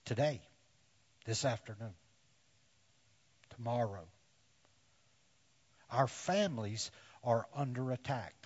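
A man preaching a sermon to men in slow, deliberate phrases that often sink to a hush. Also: medium pitch, slightly rough, highs cut off. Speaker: pastor.

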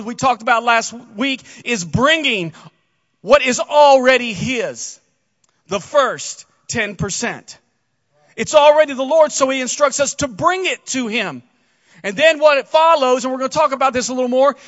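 A male pastor with a high voice preaches with earnest, conversational warmth, turning often to ask his congregation questions. The sound is dry and close, with a dull, muffled edge. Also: no room sound. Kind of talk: sermon.

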